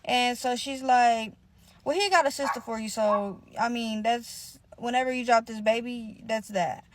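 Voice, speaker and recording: A young woman telling a story in a casual monologue, full of profanity, acting out what each person said with lively, animated delivery. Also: fairly high pitch, a little slow, noisy background. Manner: animated, profane, acts out quotes.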